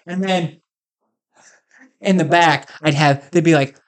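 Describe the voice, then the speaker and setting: A man's voice: fairly high pitch, steady tone, slow. A man doing a rambling comic monologue, joking and sarcastic. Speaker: comedic host.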